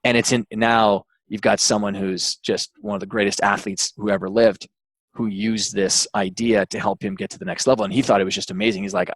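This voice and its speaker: A man, an author interviewed as a guest, telling an anecdote in a relaxed way with frequent fillers and restarts. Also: lowish voice, brisk, creaky, breathy edge, no room sound. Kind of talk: interview storytelling.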